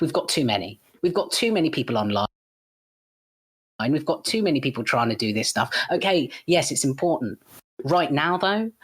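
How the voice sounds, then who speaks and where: Husky, blunt, fired-up man. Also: on the high side, fairly bright tone. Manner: blunt and fired-up, swears freely; frequent false starts and self-corrections. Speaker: podcast guest. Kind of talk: unscripted podcast discussion.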